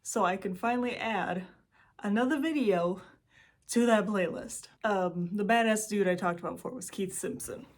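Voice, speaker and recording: Young woman, American accent, casual storytelling host, giggly, rambling asides, mid-pitched voice. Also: normal speed.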